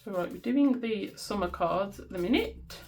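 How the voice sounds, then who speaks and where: A budgeting vlogger with a Black Country accent, from the West Midlands, speaks in an expressive mid-range voice with a darkish tone at a moderate pace, over a little hiss or hum. She casually chats while cash stuffing, laughing at herself and humming.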